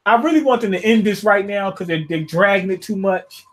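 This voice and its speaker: High-voiced man giving a slangy review. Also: a little fast, few pauses. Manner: slangy, laughing, thinks out loud. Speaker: manga reviewer. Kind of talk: casual reaction review.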